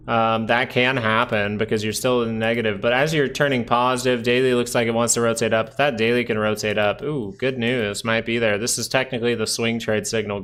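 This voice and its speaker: A man's voice: medium pitch, fairly bright tone, smooth. A man hosting a casual stock market livestream, talking through chart signals in a chatty, rambling way and greeting viewers by name. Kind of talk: casual live chart analysis with chat.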